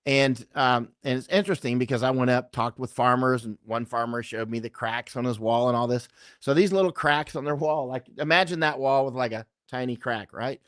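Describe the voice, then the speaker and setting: A man's voice: medium pitch, fairly quick, a bit bright, dry recording, studio quality. A middle-aged man talking as an interview guest, rambling and emphatic, often checking in with "right?". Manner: rambling, keeps asking "right?". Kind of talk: conversational interview talk.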